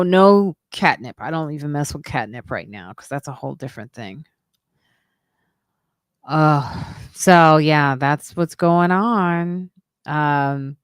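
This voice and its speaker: A woman's voice: deep voice, dry recording, studio quality. A woman hosting a live-stream podcast, chatting casually and joking, laughing often. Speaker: podcast host.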